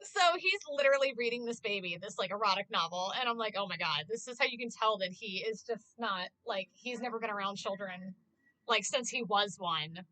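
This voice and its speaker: A woman's voice: mid-range voice, lively intonation, a little fast, bright, forceful tone, low-quality recording. A young woman streaming, recapping a TV episode in a casual, rambling way, swearing freely and gushing as a fan. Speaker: Twitch streamer.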